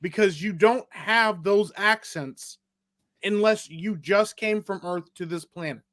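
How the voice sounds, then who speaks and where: A man's voice: high-pitched, unhurried, a bit bright, no echo. A man co-hosting a livestream, talking in a blunt, rambling, sweary way. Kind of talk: casual livestream chat.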